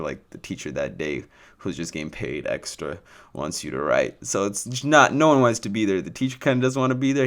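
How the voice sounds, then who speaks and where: A young man from California tells a rambling, profane story in a casual storytime vlog, full of "like" fillers. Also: deep voice. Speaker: vlogger.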